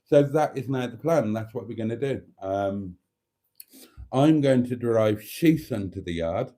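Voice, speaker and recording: A man's voice: mid-range voice, expressive, a little slow, warm tone. A man hosting his own channel, talking casually and ramblingly to his viewers in a camp, fond way, sitting at a table indoors. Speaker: channel host.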